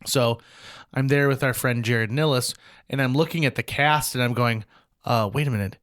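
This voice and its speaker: A man from Fargo with a North Dakota accent, telling a lively anecdote on a casual talk show. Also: medium pitch, normal speed. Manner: animated anecdote telling with quoted voices. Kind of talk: casual storytelling.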